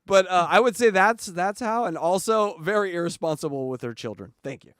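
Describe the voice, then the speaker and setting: A man's voice: sits high, expressive, normal speed, fairly bright tone, smooth, no echo, studio quality. A man co-hosting a casual comedic podcast, laughing often and slipping into quoted voices. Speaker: podcast co-host.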